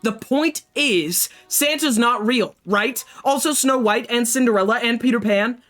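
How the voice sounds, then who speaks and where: A woman's voice: a little slow, fairly bright tone, soft background music. Woman putting on a bratty squealing teen girl. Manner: high, squealing and snippy. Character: bratty thirteen-year-old girl, mocking and defiant.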